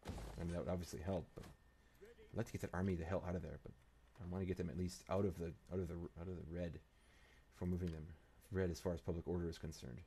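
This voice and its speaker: A man with a deep, low voice talks through his moves in a strategy game. He thinks aloud and mutters at the units on screen. There is a faint hiss behind him. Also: steady tone, quick pace, mellow. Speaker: let's play host.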